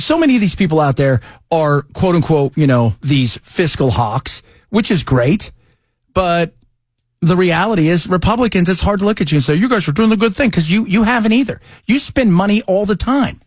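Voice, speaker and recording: Talk radio host, man, lively swooping voice, slightly high, dry studio sound. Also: normal speed, dry recording. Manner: animated, jokey, loose asides. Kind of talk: casual talk radio banter.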